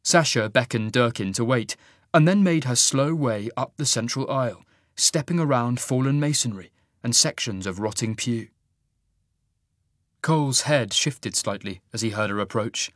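Dry, measured male audiobook narrator. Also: medium pitch, a bit bright, no room sound. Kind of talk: scripted fantasy narration.

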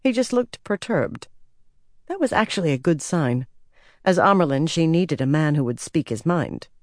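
An audiobook narrator reading a fantasy novel in a steady, even storytelling manner. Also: mid-range voice, moderate pace, no room sound, studio quality.

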